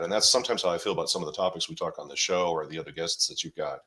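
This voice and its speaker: A man's voice: sits low, rapid-fire, sharp tone. A man talking casually as a podcast guest, giving long, meandering explanations. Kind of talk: casual chat.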